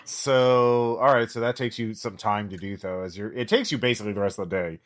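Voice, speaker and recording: A man with a low voice runs a tabletop game, narrating in a loose, chatty way full of "uh"s and "like"s. He sets scenes and calls for dice checks. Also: fairly quick. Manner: loose and conversational, many fillers. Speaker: game master.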